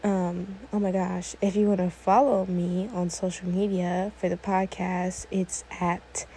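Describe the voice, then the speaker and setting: A woman's voice: on the low side, level tone, unhurried, warm tone, a little hiss or hum, poor audio. An eighteen-year-old woman hosting her own podcast, talking alone in a rambling, easily sidetracked way, full of "like"s. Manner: rambling, often sidetracked, many "like"s. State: a little emotional, teary. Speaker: podcast host. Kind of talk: casual solo podcast monologue.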